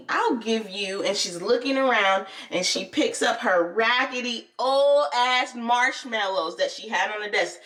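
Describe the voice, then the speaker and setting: A young woman vlogger telling a personal story in casual, candid chat, animated and often laughing. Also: on the high side, distant mic.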